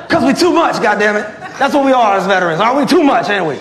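Man in his 40s from Virginia, high voice, profane stand-up, booming in a roomy club over loud crowd laughter. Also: big pitch swings, quick pace. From Tidewater, Virginia, USA. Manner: brash, profane, punchy with loud outbursts. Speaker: stand-up comedian, military veteran. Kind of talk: stand-up comedy set. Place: comedy club stage. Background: crowd laughing and clapping.

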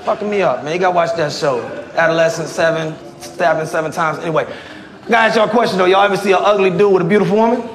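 A man in his forties from Virginia doing a profane stand-up comedy set, with loud bursts and laughing through his punchlines. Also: high-pitched, quick pace. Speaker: stand-up comedian and military veteran. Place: comedy club stage before a live audience. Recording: echoey club with loud crowd laughter.

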